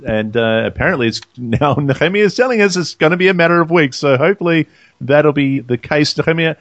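A man's voice: fairly high pitch, animated, a little fast, fairly bright tone, no room sound. A man hosting a podcast, speaking enthusiastically and addressing the listeners. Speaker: podcast host. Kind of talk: casual podcast chat. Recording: dull lo-fi podcast audio.

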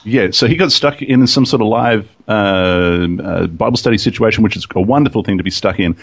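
A man's voice: fairly low pitch, brisk. A man hosting a podcast in casual, chatty talk, often laughing. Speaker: podcast host.

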